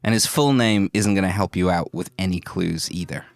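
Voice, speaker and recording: A man's voice: low-pitched, fairly quick, vocal fry, no room sound. A man co-hosting a podcast, chatting in a teasing, joking way and reading scripted intro lines. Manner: teasing, jokey. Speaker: podcast co-host.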